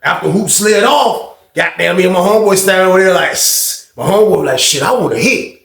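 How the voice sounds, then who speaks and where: A young man telling a casual storytime, animated and slang-heavy, swearing freely. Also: high-pitched, fast talker, gravelly, echoey room.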